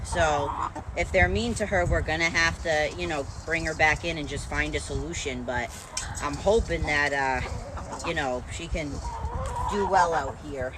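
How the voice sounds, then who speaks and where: A woman's voice: deep voice, measured pace. A woman chatting casually to the camera as a farm vlogger, full of fillers while she does her chores outdoors. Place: outdoors at a chicken coop. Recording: outdoor noise behind the voice.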